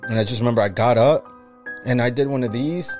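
A man telling a story in a casual podcast chat, animated and swearing, slipping into Spanish phrases. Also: medium pitch, fast, soft background music.

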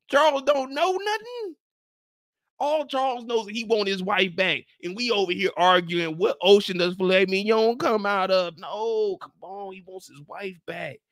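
A man's voice: high voice, moderate pace, a bit bright, no echo, studio quality. Emphatic man recapping a show. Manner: emphatic, slangy, acts out scenes. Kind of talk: animated recap commentary.

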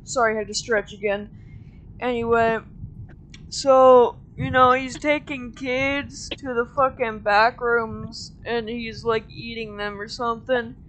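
A woman's voice: on the high side, steady tone, fairly bright tone, slight background noise, rough recording. A woman telling a story in rambling casual chat, often restarting with "anyway" and snapping back at interruptions. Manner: rambling, lots of "anyway", quick to snap back.

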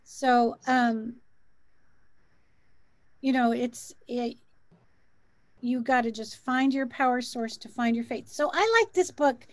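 Middle-aged woman, encouraging co-host, high voice, dry close sound. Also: slow pace, long pauses, dry recording. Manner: encouraging, coaching tone. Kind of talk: casual spiritual chat.

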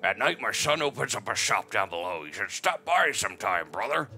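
A man's voice: fairly low pitch, big pitch swings, fairly quick, sharp tone, heavily acted. Man doing a hulking friendly game creature, male, hammy cute monster voice, strange timbre, faint music behind. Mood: grateful. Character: big friendly rock-creature Goron, male. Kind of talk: reading game dialogue aloud.

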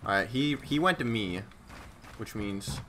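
A young man streams a shooter game live, chatting loosely with his viewers in a fairly low, somewhat slow voice over slight background noise. He pokes fun at himself, uses plenty of slang, and gets excited when things turn tense, giving casual gameplay commentary.

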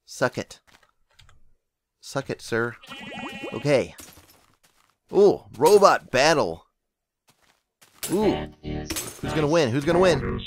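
A young man giving casual gameplay commentary as a channel host, excitable and often yelping in surprise. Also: mid-range voice, vocal fry. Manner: excitable, exclaims and yelps often.

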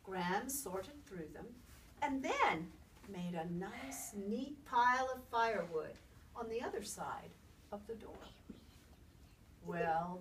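Woman telling a folk tale, slow and lilty, kinda far from the mic w faint hiss. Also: medium pitch. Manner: expressive, lilting, unhurried. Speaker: storyteller. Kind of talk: oral storytelling. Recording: distant mic, faint background noise.

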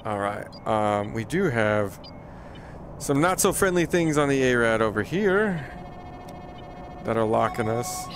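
Unhurried and animated, a man with a mid-range voice pauses often as he streams a flight game, with slight background noise. His casual live commentary is chatty and self-deprecating: he talks to viewers and pokes fun at how he flies.

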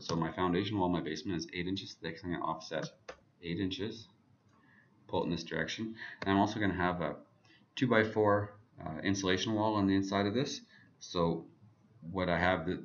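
Low-voiced man, casual software tutorial. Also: dull audio, a little hiss or hum. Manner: casual, thinking aloud while clicking. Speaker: architect teaching software. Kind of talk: screen-recorded software tutorial.

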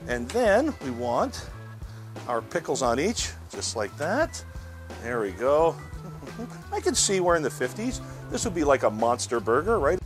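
Man, cooking show host, lively up-and-down delivery, slightly high voice, casual chatty demo, faint music behind. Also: a little slow. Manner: chatty, repeats words, talks to viewers directly.

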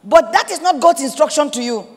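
A woman's voice: sits high, animated, a little fast, big-room sound. A woman pastor with a Nigerian accent preaching a sermon, emphatic and repetitive, acting out prayers in quotes.

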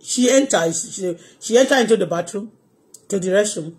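A woman's voice: mid-range voice, animated, normal speed, a little mellow. A Nigerian-accented woman on a live-stream vlog, telling long anecdotes emphatically, with frequent asides. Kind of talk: casual live-stream storytelling.

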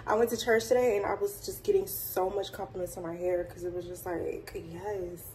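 A young woman vlogging in a chatty, excitable, slangy way, talking straight to her phone camera. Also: mid-range voice, fairly quick, slight background noise. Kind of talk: casual chat to camera.

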